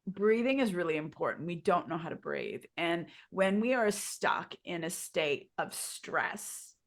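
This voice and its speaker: A woman's voice: fairly low pitch, expressive, a little slow. A woman yoga teacher co-hosting a podcast, explaining breathing in a guiding way and asking her listeners questions. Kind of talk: instructive podcast chat.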